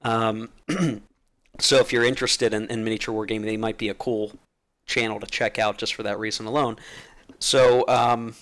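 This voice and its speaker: A man's voice: lowish voice, steady tone, moderate pace, fairly bright tone. A man hosting his own channel, musing in a loose, informal essay with lots of fillers and restarts, still getting over being sick. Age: adult, played since teenage years through college. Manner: rambling, with many fillers and restarts. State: recovering from being sick, clearing throat. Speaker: channel host.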